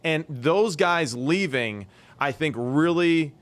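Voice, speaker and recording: A man in his thirties co-hosting a casual sports podcast, talking quickly and chiming in agreeably. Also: on the high side, expressive, a bit bright. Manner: quick, agreeable, often chimes in. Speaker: podcast co-host, former quarterback. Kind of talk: casual chat, analysis.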